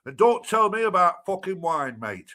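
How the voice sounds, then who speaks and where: A man on a live stream, gruff and argumentative, swearing heavily as he chats. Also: high-pitched, sing-song, moderate pace, bright, forceful tone. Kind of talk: casual livestream chat.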